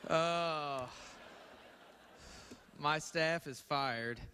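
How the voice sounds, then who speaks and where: A man speaking as a new member of Congress, self-deprecating and unhurried. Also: fairly high pitch, sharp tone, slight background noise. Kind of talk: speech with jokes.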